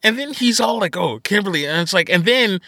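Bright-voiced man chatting, dry sound. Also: sits high, brisk, no room sound. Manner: animated, profane, laughs often. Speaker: podcast co-host. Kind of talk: casual movie review chat.

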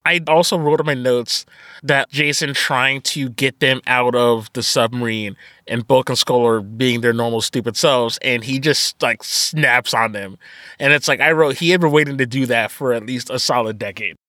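Bright-voiced man chatting, dry sound. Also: mid-range voice, normal speed, no echo. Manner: animated, profane, laughs often. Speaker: podcast co-host. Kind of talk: casual movie review chat.

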